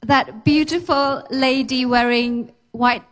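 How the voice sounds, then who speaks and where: A woman who speaks English natively, explaining phrases slowly and carefully to a live class. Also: high voice, steady tone.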